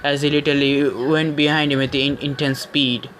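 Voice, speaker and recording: A man casually retelling a fan story, rambling with frequent cursing and halting restarts. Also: fairly high pitch, level tone, a bit bright, slight background noise. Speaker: story narrator.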